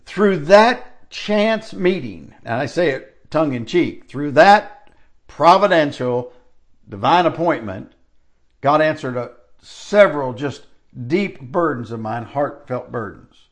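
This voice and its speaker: A man's voice: medium pitch, lively intonation, measured pace. An older man preaching a sermon in a conversational, storytelling way, stretching out key phrases for emphasis.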